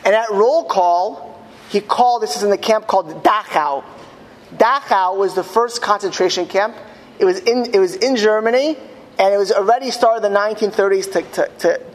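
A man telling a story to an audience with halting restarts, his voice rising to high cries in quoted lines. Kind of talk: impassioned storytelling talk. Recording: long hall reverb, faint ambience.

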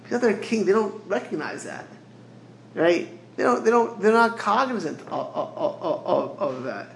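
Gravelly-voiced rabbi giving a Torah lecture. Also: male voice, high-pitched, lively intonation, unhurried, roomy sound, slight background noise, low-quality recording. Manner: mixes Hebrew phrases into English, repeats words while searching.

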